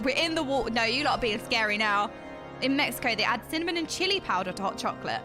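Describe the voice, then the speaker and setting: A woman's voice: sits high, big pitch swings, a little fast. A young woman streaming a game, chatting and giggling with her viewers. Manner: bubbly, giggly, chatty, reacting to chat. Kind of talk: casual chat with livestream viewers. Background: background music.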